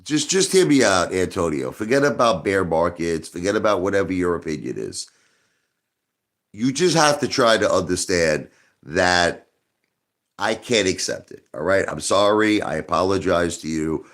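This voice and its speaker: Agitated, low-voiced male livestream host. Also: lively intonation, normal speed, fairly bright tone. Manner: emphatic, repetitive, agitated, addresses a viewer directly. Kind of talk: ranting livestream monologue.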